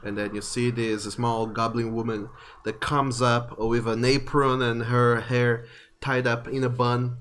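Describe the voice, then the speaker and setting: A man's voice: medium pitch, flat delivery, measured pace, a bit bright, smooth. Man narrating as game master. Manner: descriptive, filler-heavy narration.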